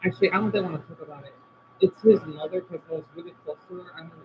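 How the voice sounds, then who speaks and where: A man chatting casually on a live stream from home, answering viewers' comments and often trailing off quietly. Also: fairly high pitch, racing, slight background noise. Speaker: livestream host reading chat. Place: indoors at home by a window. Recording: dull lo-fi stream audio.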